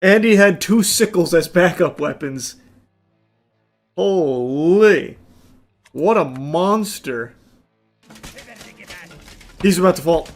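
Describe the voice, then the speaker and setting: High-pitched yelling gamer guy. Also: slow, long pauses, soft background music. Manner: yelling and laughing in bursts, swearing, deadpan asides. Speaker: gaming streamer. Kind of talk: live gameplay commentary.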